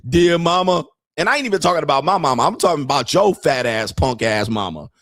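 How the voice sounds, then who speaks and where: A man's voice: mid-range voice, big pitch swings, fast, fairly bright tone, no echo, clean studio sound, soft background music. A man in his fifties, a show host doing a profane, mocking comedic rant and laughing at his own jokes. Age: 50s. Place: home studio.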